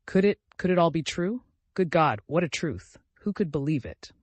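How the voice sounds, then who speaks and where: A man putting on a timid young woman, raised in pitch and pleading, her words rising and falling in bewilderment. The voice is close and dry. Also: expressive, moderate pace, no room sound. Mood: bewildered.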